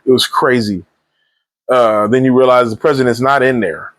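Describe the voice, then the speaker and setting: A man giving a casual spoiler movie review, retelling scenes in a rambling, animated way full of slang and restarts. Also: medium pitch, normal speed, dry recording.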